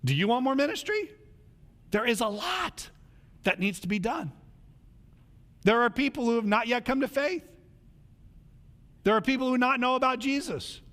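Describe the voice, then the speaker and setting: High, animated preacher in a reverberant hall. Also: male voice, normal speed, long pauses. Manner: animated, conversational preaching that acts out quoted voices. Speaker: pastor. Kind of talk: sermon.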